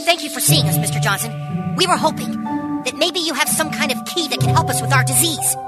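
A woman's voice: high-pitched, fast, over loud music, lightly acted. A woman playing a pleading sick young boy. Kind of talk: radio comedy skit.

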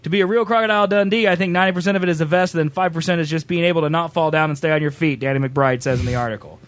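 A man's voice: on the high side, rapid-fire, a bit bright, no room sound. A man hosting a casual reaction stream, chatty and joking. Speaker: streamer host.

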